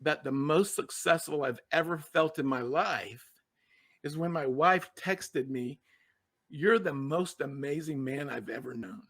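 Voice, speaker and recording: A middle-aged man with a fairly high voice, speaking as a guest on a podcast. He tells a personal story in an earnest, emotional way. He often doubles back and repeats his words for emphasis. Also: a little slow, fairly bright tone. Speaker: guest, success coach.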